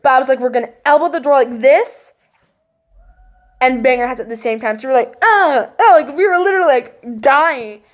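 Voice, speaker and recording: A young woman casually recounting a spooky childhood story, acting out voices and gestures and dropping to a hush at tense moments. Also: high-pitched, fairly quick. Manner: animated, acts out voices and gestures; drops to hushed tones at tense moments.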